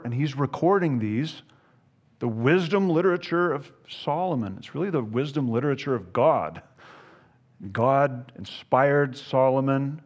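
A pastor giving an animated expository sermon, emphatic, with playful asides and frequent repeated words. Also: male voice, medium pitch. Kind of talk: expository Bible teaching sermon.

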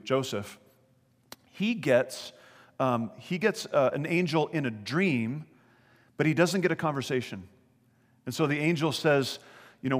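A man preaching a sermon as pastor, animated and conversational, asking his listeners questions as he goes. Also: mid-range voice, in a large hall.

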